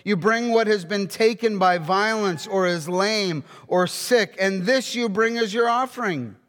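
High-voiced preacher in a reverberant hall. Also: male voice, a bit bright. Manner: emphatic, rhetorical questions, slows for scripture. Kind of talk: sermon.

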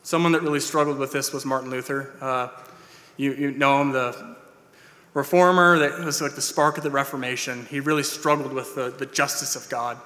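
This pastor's sermon is earnest and plain, dotted with "uh"s and restarts, echoing with long hall reverb in the sanctuary. He speaks at a normal speed in a mid-range, fairly even, pushed and bright voice.

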